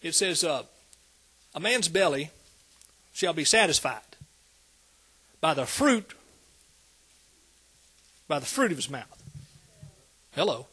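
A man's voice: on the high side, sing-song, takes it slowly, long pauses, sharp tone, husky. A man preaching a sermon, conversational and calling out to the congregation. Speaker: pastor.

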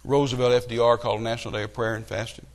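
A middle-aged man preaching a sermon, telling stories and building to loud, emphatic outbursts. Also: medium pitch, very fast. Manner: animated storytelling with rising outbursts.

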